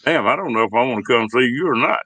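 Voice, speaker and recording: A man chatting casually on a livestream, talking slowly and laughing often. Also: mid-range voice, animated, bright, forceful tone, no room sound, poor audio. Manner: slow drawling talk, laughs a lot. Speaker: host.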